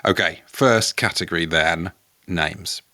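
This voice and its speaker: A man's voice: sits low, pushed and bright, no echo, clean studio sound. A man co-hosting a comedy podcast, chatting playfully and teasing his co-host. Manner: playful, teasing, quick to joke. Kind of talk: comedic casual chat.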